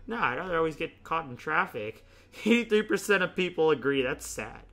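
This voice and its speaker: A young man hosting a casual gaming video, chatting and thinking out loud, often laughing as he rambles through choices. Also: fairly high pitch, lively intonation, brisk. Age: young adult. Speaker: YouTube host playing a choice game.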